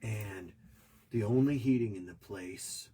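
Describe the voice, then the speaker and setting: A man's voice: fairly low pitch, slow pace, dark tone, a little hiss or hum. A man in his fifties talking casually on a podcast, telling rambling, reflective stories. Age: 50s. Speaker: podcast host. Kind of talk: casual conversation.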